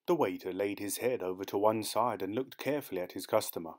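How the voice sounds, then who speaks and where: Guy reading an audiobook story, lowish voice, steady pace. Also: fast. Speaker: audiobook narrator. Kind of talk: scripted story narration.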